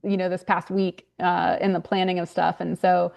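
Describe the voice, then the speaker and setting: A woman's voice: fairly low pitch, flat delivery, moderate pace, vocal fry, darkish tone. A young woman, a grief consultant and author, talking earnestly in a podcast interview with frequent fillers and restarts. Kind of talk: podcast interview, casual conversation.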